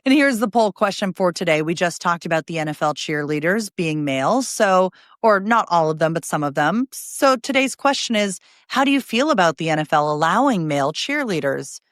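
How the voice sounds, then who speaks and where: A woman hosting a news podcast, reading headlines briskly and adding chatty asides between stories. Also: on the low side, lively intonation, dry recording, studio quality.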